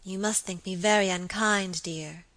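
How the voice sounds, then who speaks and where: A woman reading the part of a sweet but secretive young lady who speaks softly and coaxingly. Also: mid-range voice, steady tone, a little slow, natural voice. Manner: soft, coaxing, at times whispered. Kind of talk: audiobook character reading.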